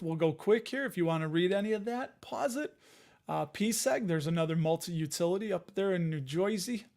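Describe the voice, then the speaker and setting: A man's voice: high-pitched, darkish tone. Chatty man hosting a livestream. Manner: chatty, jokey asides while reading news items. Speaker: host of a dividend investing show. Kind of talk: casual livestream chat.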